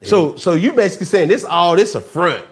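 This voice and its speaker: A man's voice: sits high, expressive, brisk, breathy edge. A man interviewing in casual chat, laid-back, quoting a folk saying back to his guest.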